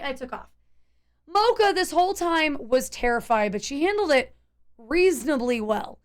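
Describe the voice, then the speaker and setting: A woman with a high voice streams to her chat and recounts a tense encounter as a casual story. She talks in an animated rush, stumbling over restarts and leaning on "like" as she goes. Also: moderate pace.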